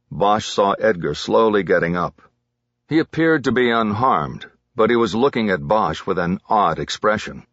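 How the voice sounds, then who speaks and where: A man reading a crime novel aloud as an audiobook narrator, measured and dramatic. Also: lowish voice, a bit bright, no echo, muffled recording.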